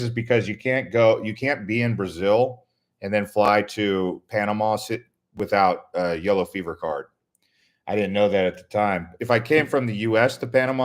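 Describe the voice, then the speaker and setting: Here the adult American Navy veteran speaks at an ordinary pace in a lowish voice while hosting a laid-back stream. He responds to viewers and drifts into rambling travel stories full of restarts.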